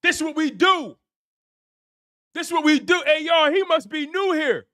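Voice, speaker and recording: A man's voice: very high-pitched, animated, normal speed, bright, forceful tone, dry recording, studio quality. A man hosting a live sports stream, delivering a repetitive, preachy rant in heavy slang. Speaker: sports show host.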